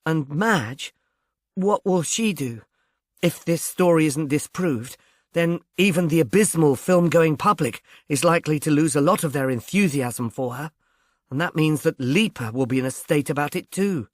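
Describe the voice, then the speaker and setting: A man voicing a poised young woman who speaks briskly with dry amusement. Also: fairly high pitch, expressive, no echo, pitched above the performer's own voice, close to an everyday voice. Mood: wry, brisk. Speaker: reader.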